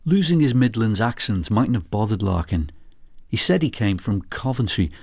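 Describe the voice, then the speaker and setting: A male presenter gives scripted narration in a lowish, gravelly voice. He is measured and introduces each speaker, and the sound is dry and close. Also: animated, darkish tone, no echo. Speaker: documentary presenter.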